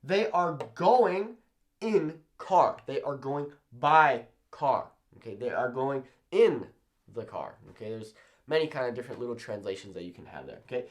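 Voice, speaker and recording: A man teaching a Spanish lesson at a whiteboard, checking in with "okay?" after nearly every point and slowing down on example phrases. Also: medium pitch. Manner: animated, repeats "okay?" often, slows down on example phrases. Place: classroom-style room with whiteboard.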